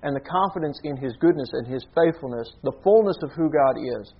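Man, preacher, sermon, earnest teaching tone, fairly high voice, muffled lo-fi sound. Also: expressive, a little fast, slightly rough. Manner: earnest, teaching with repeated rhetorical "Okay?".

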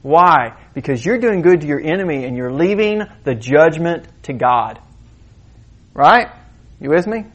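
A man's voice: a little high, lively intonation, normal speed. A middle-aged man preaching a sermon, talking conversationally and often asking the congregation questions. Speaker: pastor.

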